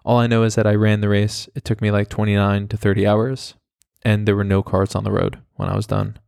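A man's voice: fairly low pitch, level tone, a little fast, creaky, darkish tone, smooth, no echo, studio quality. A young man hosting a podcast, telling a story casually with lots of fillers and swearing. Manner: rambling, profane, full of fillers like "like". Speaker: podcast host.

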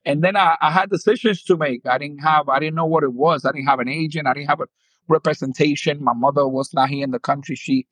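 This fast-talking man, his voice on the high side, is a former professional baseball player in his fifties who's from the Dominican Republic and has a New York accent. As a guest in a storytelling interview, he animatedly acts out quotes and often laughs. It's a rough recording without room sound.

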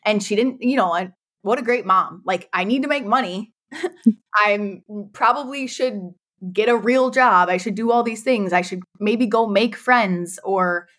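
A woman's voice: medium pitch, a little slow, a bit bright. A woman in her thirties, a guest on a podcast, talking candidly about her business and laughing often. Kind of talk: casual interview chat.

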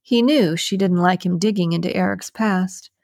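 A woman reading a romance novel aloud as narrator, in a measured, even storytelling delivery. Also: lowish voice, no echo, clean studio sound. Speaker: audiobook narrator.

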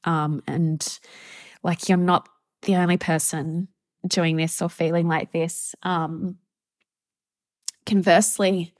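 A young woman talks on her solo podcast in a soft, halting, heartfelt way, pausing often. Her voice sits a little low and moves slowly. The sound is dry and close, with no room around it. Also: flat delivery, no echo. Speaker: podcast host.

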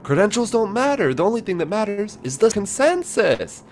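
Man doing a hysterical male scientist, shrill falsetto, frantic, mocking impression. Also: very animated, normal speed, a little mellow, slight background noise. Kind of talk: podcast impression.

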